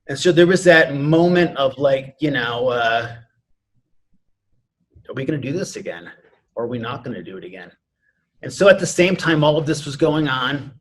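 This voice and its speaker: A man's voice: mid-range voice, slight background noise. A man in his forties, a martial arts instructor and podcast guest, telling a personal story in an earnest, rambling way with lots of "you know" fillers.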